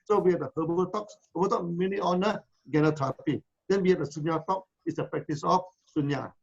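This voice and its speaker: A man's voice: fairly high pitch, fast, husky, lo-fi sound. A man with a Malaysian English accent answers questions in a live online session, rambling and repeating words with many "uh" and "no?" tags. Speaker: company founder answering questions.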